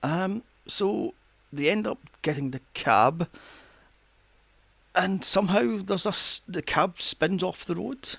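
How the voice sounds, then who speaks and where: A man hosting a podcast, recapping a film plot in a casual, animated way, swearing often and acting out his own reactions. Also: sits high, slow pace, creaky, no room sound. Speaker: podcast host.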